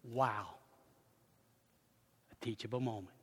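An older man, a pastor, preaching a sermon and telling family stories with lively, acted-out moments. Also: medium pitch, takes it slowly, husky, long reverb tail. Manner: animated storytelling, acts out loud screams.

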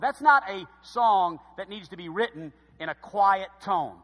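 Man, pastor; impassioned sermon delivery, high-pitched, reverberant sanctuary sound. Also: animated, unhurried, few pauses. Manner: fervent preaching with swings from loud shouts to low emphasis.

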